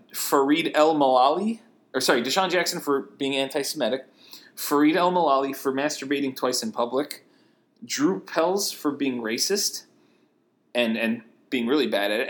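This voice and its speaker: A man co-hosting a casual sports podcast, chatty and quick to laugh as he rattles off lists of players and numbers. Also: mid-range voice, expressive. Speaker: podcast co-host.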